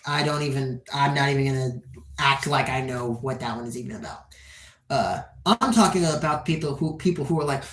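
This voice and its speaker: A person in their twenties livestreaming, chatting casually and rambling excitedly, swearing often and answering chat questions. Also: mid-range voice, normal speed, reverberant. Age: 20s.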